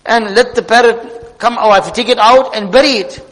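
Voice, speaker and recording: A man doing a devout merchant, emotional and exclamatory, high voice, reverberant hall. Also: fairly quick, a bit bright. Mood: grieving. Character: devout grieving merchant, master of the parrot.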